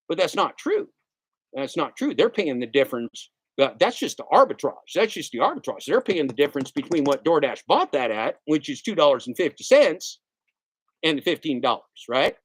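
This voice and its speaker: A middle-aged man ranting on a livestream, his pitch leaping up and down as he hammers the same points again and again. His voice sits a little high for a man and sounds close and dry, with no room echo. He talks with a sarcastic, emphatic edge. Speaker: gig delivery driver streamer. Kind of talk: casual livestream rant.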